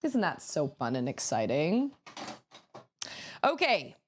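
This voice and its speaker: A woman in her thirties chatting casually on a livestream, rambling to herself as she builds, her voice a little rough. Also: low voice, big pitch swings, takes it slowly, a little hiss or hum. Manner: chatty, rambling, self-talking while building. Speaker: streamer.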